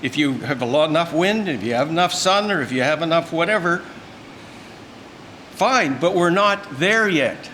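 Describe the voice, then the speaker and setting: A man's voice: a little high, animated, normal speed, bright, forceful tone, slight background noise. Older male speaker, folksy and emphatic, talking to an event room. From Canada. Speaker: speaker at a luncheon. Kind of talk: informal speech.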